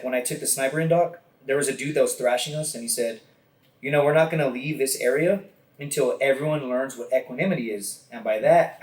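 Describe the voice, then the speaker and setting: A man appearing as a podcast guest, telling stories in a lively, casual way, acting out quotes and swearing often. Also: medium pitch. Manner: animated storyteller, acts out quotes, swears often. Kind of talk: casual storytelling.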